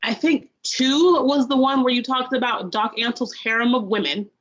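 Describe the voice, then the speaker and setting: A woman's voice: fairly high pitch, normal speed. A young woman co-hosting a podcast, telling a long, rambling story about binge-watching a show in a casual review chat. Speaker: podcast co-host. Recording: dull lo-fi sound.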